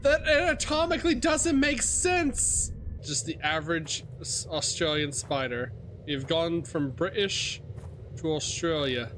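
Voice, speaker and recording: A man talking through a horror game, his voice leaping all over the place as he jolts and swears at what he sees. He speaks in slow, drawn-out phrases and pleads with the characters on screen. A steady hiss of background noise sits under the recording. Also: fairly high pitch. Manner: jumpy, swears, talks back to game characters. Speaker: gaming streamer. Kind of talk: horror game let's play commentary.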